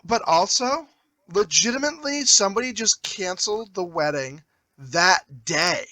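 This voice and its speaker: A man co-hosting a podcast, retelling movie scenes in animated, swearing casual chat. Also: high voice, normal speed, dry recording. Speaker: podcast co-host.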